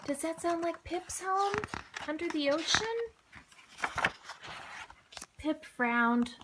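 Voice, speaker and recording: A woman reading a children's picture book aloud, expressive and acting out sound effects. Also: high-pitched, slow. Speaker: storybook reader. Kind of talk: children's storybook read-aloud.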